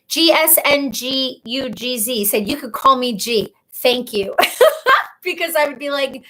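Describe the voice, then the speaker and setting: Woman, thirties, live stream host, casual and chatty, emotional, fairly high voice. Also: sing-song, takes it slowly, pushed and bright. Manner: chatty, emotional, openly personal. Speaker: livestream host. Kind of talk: casual live chat reading comments.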